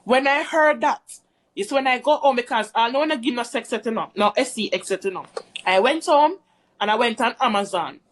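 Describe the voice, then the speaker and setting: A woman's voice: a little high, animated, fairly quick. A woman telling a rambling, chatty story to her viewers in a casual storytime vlog. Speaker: vlogger.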